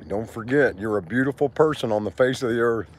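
A man's voice: mid-range voice, quick pace, slight background noise. A man in his sixties streaming live from an outdoor park, rambling and preaching to his viewers with plenty of swearing. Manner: preachy, profane, talks to viewers and passers-by. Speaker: livestreamer.

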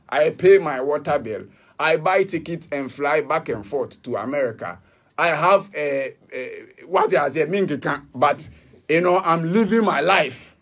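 A Ghanaian man answering interview questions, defiant and emphatic, switching between English and Twi. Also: fairly high pitch. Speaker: musician interviewee.

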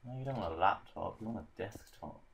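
A man's voice: fairly low pitch, a little fast, creaky, slight background noise. A man chatting casually while gaming, dry and teasing toward his friend. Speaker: gamer co-host. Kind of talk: casual let's-play chat.

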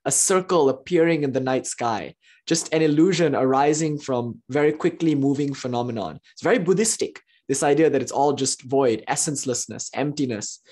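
Spiritual teacher, philosophy lecture, animated storytelling, laughs often, jumps from excited to hushed. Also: medium pitch, moderate pace. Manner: swings between excited exclamations and hushed asides.

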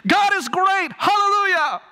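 A man doing an excited little boy shouting praise. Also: very high voice, measured pace, in a large hall, voice pushed up, full character voice. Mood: jubilant shouting. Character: excited boy of about eight, joyful believer.

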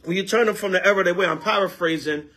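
High, bright-voiced man preaching. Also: quick pace, husky. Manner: street-casual, animated, repeats for emphasis. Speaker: elder teaching a congregation. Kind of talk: preaching with call-and-response.

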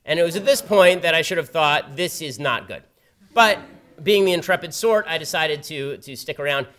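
A man giving a public talk at a campus event, telling a story in a rapid, sardonic way. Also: on the high side, lively intonation, fairly bright tone. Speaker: guest speaker at a campus event. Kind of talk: public talk with a told anecdote. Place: university event before a live audience.

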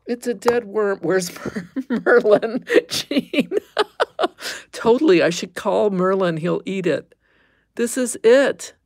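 Slow, gravelly-voiced woman livestreaming. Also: mid-range voice, lively intonation, darkish tone, dry recording. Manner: chatty, easily amused, squeamish exclamations. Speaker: livestream host. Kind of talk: casual livestream chat.

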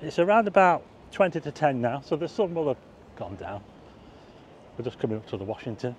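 A man's voice: medium pitch, sing-song, brisk, darkish tone, a little hiss or hum. A man giving a chatty, rambling walking-tour commentary outdoors at night, pointing things out to his viewers. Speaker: vlogger. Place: outdoors, car park roof and town streets at night.

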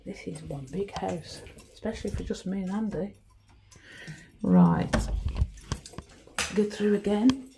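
A woman's voice: mid-range voice, big pitch swings, background noise. A woman giving a chatty house tour on her phone, admiring each room, often out of breath. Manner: chatty, admiring, slow, pausing with ums. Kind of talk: casual house tour narration.

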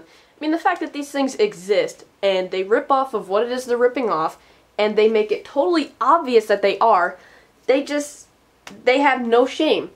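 A woman's voice: a little high, animated, moderate pace. A woman reviewing video games in casual commentary, exasperated and sarcastic, laughing in disbelief at what she plays. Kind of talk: casual commentary over gameplay. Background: game music.

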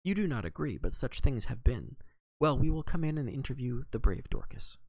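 A man reading aloud, voicing a fussy, precise elderly male detective who talks in a brisk, exacting way with French phrases. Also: medium pitch, sing-song, gravelly, a little mellow, no room sound. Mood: admiring.

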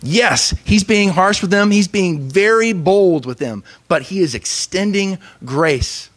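A young male pastor preaching with real feeling. His voice sits fairly high and swings widely in pitch, lingering on key words with emphatic pauses. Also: expressive. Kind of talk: sermon.

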